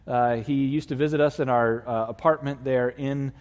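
A man, the lead pastor, preaching a relaxed, conversational sermon to his congregation, with plenty of filler words. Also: medium pitch, moderate pace, lo-fi sound. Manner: conversational, folksy, with many fillers. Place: church sanctuary. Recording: long reverb of a large hall.

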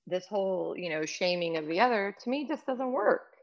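A woman's voice: medium pitch, lively intonation, moderate pace, vocal fry, muffled recording. A middle-aged woman speaking candidly and emotionally in conversation, rambling with many fillers. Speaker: guest.

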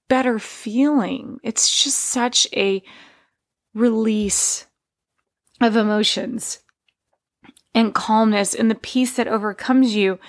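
A woman hosting a podcast, sharing a personal story in a candid, heartfelt, conversational way. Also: a little high. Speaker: podcast host.

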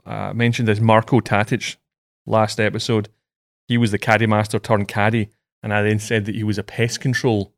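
A man's voice: on the low side, little pitch movement, normal speed, dry recording, clean studio sound. A man hosting a casual podcast, chatting and telling stories with lots of fillers. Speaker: podcast host.

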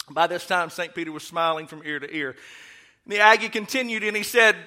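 A middle-aged man preaches in a church sanctuary, folksy and full of jokes. His voice sits high for a man and rings sharply bright. He swings easily into loud, fired-up preaching. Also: lively intonation, brisk. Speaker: guest preacher. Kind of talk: sermon.

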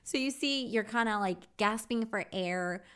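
A woman giving a casual English vocabulary lesson, chatty and candid, often pausing with "um". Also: medium pitch, fairly bright tone, clear, resonant tone. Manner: chatty, candid, with frequent ums. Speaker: English teacher.

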